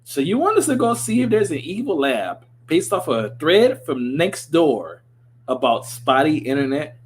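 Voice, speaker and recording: A man's voice: a little high, sing-song, normal speed, slight background noise. A man reading the lines of an earnest teenage girl who leads her sisters, in a questioning tone.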